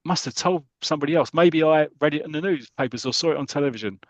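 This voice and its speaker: Brief: shrill protesting villain, cornered, read by a man, voice pushed up high and loud. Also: fast, dry recording, lo-fi sound, lightly acted. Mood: panicked. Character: panicky cornered male villain, middle-aged.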